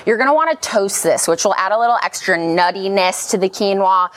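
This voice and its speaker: A woman's voice: mid-range voice, a little fast. A woman working as a chef, giving an upbeat, instructive cooking demonstration on a TV show. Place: TV studio kitchen.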